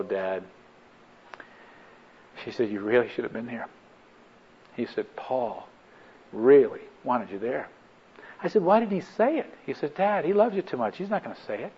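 A middle-aged man speaks to a group in a plain, mid-pitched voice, earnest and a little halting, retelling conversations line by line. The recording is dull and lo-fi. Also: husky. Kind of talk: personal story in a talk.

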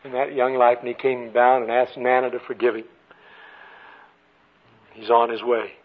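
An older man preaching a sermon with storytelling, moving between ringing emphasis and hushed passages. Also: mid-range voice, flat delivery, normal speed. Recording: tinny phone-like radio broadcast.

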